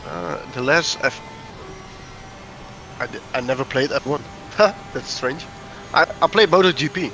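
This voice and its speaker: A man's voice: fairly high pitch, measured pace, creaky, over music, poor audio. A man chatting as a guest on a racing stream, with brief and hesitant replies. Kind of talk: casual chat. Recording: noticeable background noise.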